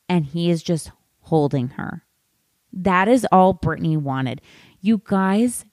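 A woman hosting a podcast, chatting casually and gossipily about a book, with animated asides to her listeners. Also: on the low side, dry recording, clean studio sound. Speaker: podcast host. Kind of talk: casual book-discussion chat.

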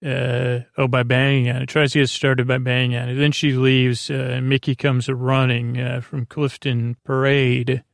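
Flat, gravelly man recapping a show at bedtime. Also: medium pitch, no echo, clean studio sound. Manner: halting, with many fillers and self-corrections. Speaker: podcast host. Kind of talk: rambling bedtime recap of a TV episode.

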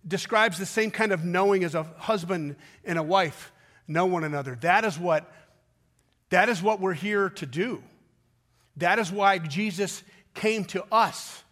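A male pastor preaching a sermon, pausing for effect and building to emphatic peaks, with quick asides as he tells a story. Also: high voice, fairly bright tone. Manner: preaching with dramatic pauses and rising emphasis.

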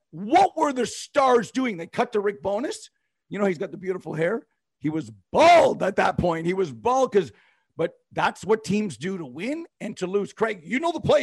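A man's voice: high-pitched, breathy edge. A man co-hosting a sports talk show, animatedly recounting a game play by play. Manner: animated, recounts plays, hums tunes. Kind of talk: play-by-play storytelling.

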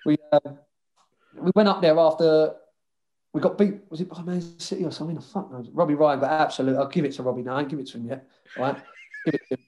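A man, once a footballer, recounts old dressing-room tales with a lot of swearing and banter. His voice sits a little high for a man, and he talks casually. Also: fast talker. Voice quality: swears freely, lively banter. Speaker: guest, former footballer. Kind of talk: casual storytelling chat.

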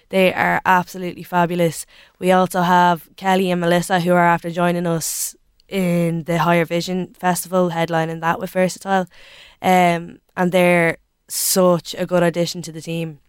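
A woman talking eagerly as a radio guest, her voice low and fairly flat in pitch. It sounds very clear and smooth, dry and close on the studio mic. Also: normal speed, dry recording. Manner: eager and effusive, with many fillers. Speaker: interview guest, dance crew leader. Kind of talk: casual radio interview.

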